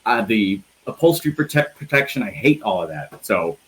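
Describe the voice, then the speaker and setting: A man's voice: lowish voice, lively intonation, normal speed, fairly bright tone, rough recording. A man from the Midwest hosting a casual live interview over a video call, chatty and joking, often restarting his phrases. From American Midwest. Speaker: interview host.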